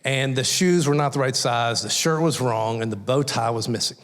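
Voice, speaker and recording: A man's voice: mid-range voice, moderate pace, fairly bright tone. A man preaching a conversational sermon as a guest speaker, telling folksy stories and acting out little voices in his anecdotes. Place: church sanctuary. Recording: long hall reverb.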